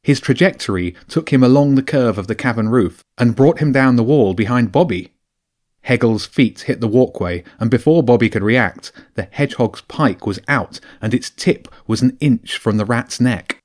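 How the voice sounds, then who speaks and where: A man narrating a children's adventure audiobook with a lively, expressive reading. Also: mid-range voice, moderate pace. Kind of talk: storybook narration.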